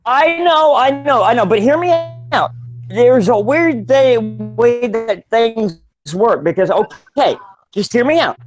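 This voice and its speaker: A man's voice: very high-pitched, expressive, takes it slowly, faint music behind. A man co-hosting a casual podcast, rambling with many fillers and restarts and laughing often. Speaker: podcast co-host.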